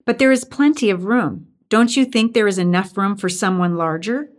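A woman reading aloud and voicing a calm, reasonable young woman in her twenties. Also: medium pitch, normal speed, lightly acted.

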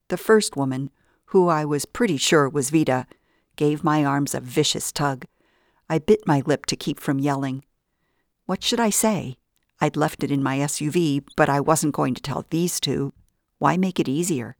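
Low-voiced woman narrating an audiobook. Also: moderate pace, no echo, studio quality. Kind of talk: first-person audiobook narration.

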